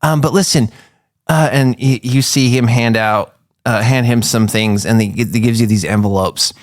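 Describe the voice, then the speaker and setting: A man's voice: medium pitch, moderate pace. A man narrating as game master in a chatty way, full of fillers. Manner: chatty, lots of "like" and "um".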